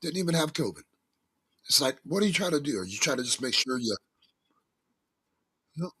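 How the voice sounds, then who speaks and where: A man with a husky, slightly rough voice speaks as a talk-show guest. His pitch swings a lot as he tells stories in a folksy, emphatic way, with frequent religious turns of phrase. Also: animated, normal speed, fairly bright tone. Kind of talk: casual talk-show interview.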